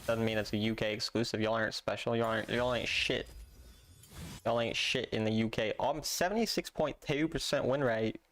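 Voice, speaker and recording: A man's voice: mid-range voice, fairly even intonation, a little fast, a bit bright. A young man chatting casually with his viewers while playing a game live, reading chat aloud and joking dryly. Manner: laid-back, reads chat aloud, dry joking. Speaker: streamer. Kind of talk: casual gaming stream chat.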